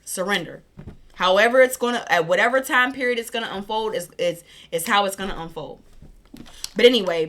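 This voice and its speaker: A woman giving a casual spiritual reading, chatty and excited, tripping over her words, with a scratchy throat. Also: mid-range voice. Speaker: tarot reader. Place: warm room at home.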